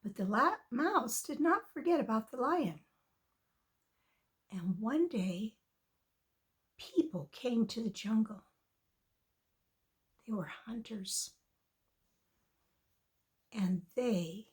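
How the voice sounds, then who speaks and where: A woman reads a children's story aloud to young listeners. Her voice sits high and she takes her time, drawing out words with expressive storytelling emphasis.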